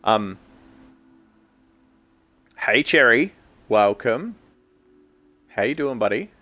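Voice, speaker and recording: A young Australian man chatting casually on a live stream while he plays, rambling and halting with many ums and restarts. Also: mid-range voice, animated, pushed and bright.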